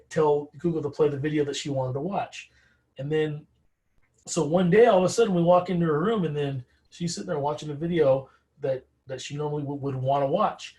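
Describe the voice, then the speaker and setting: A man co-presenting a teacher webinar, speaking in a halting way with repeated words. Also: fairly high pitch, dark tone, rough recording.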